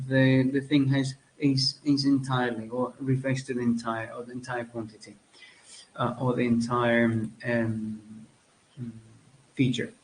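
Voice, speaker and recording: A man from Spain teaching a lesson, with many fillers, pauses and self-corrections. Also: mid-range voice, darkish tone, rough recording. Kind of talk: spoken lecture.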